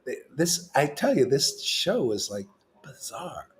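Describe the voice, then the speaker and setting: A man giving an informal, animated spiritual talk to a group, streetwise in tone and swinging between loud bursts and hushed asides. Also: mid-range voice, slow pace, slight background noise. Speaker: spiritual teacher leading a devotee meetup. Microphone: livestream mic.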